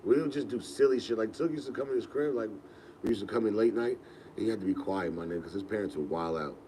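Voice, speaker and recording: Lively young man telling stories. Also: lowish voice, fast, a little hiss or hum. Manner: animated, laughing, slangy storyteller. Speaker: podcast host. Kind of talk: casual storytelling.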